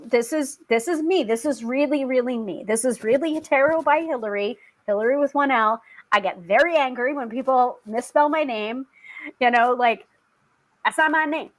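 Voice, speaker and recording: A young woman hosts a tarot live stream, chatting casually with frequent laughter, lots of fillers, and many restarts. Her voice sits on the high side, and the audio quality is poor.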